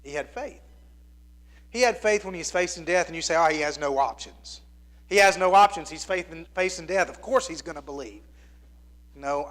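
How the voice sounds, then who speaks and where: Earnest man preaching, slightly high voice. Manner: earnest storytelling that drops to a hushed near-whisper at tender moments; plainspoken and conversational with the congregation. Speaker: pastor. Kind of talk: sermon.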